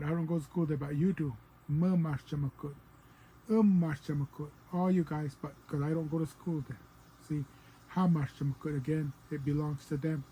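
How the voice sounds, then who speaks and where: A man with a somewhat high, mellow voice gives a loose, informal language lesson. He wanders between examples and fills pauses with "um," slipping into playful voices when he quotes people. A faint hiss sits behind him. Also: rough recording. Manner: relaxed and digressive, with many fillers and playful quoted voices. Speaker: language teacher.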